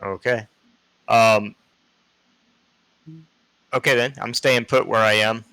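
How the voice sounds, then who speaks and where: Bright chuckly man player. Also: fairly low pitch, fairly even intonation, takes it slowly, clear, resonant tone, dry recording, rough recording. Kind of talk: casual tabletop game chat.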